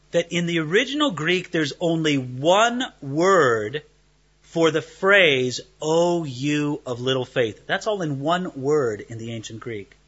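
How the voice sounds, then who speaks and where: A man preaching a sermon, telling the story with lively rhetorical questions and animated emphasis. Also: a little high, slightly rough, muffled recording. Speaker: pastor.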